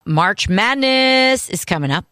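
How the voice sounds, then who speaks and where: A woman co-hosting a radio show, running through items in a brisk, list-reading way. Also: a little high, expressive, sharp tone, smooth, no echo. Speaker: radio co-host. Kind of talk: morning radio show chat.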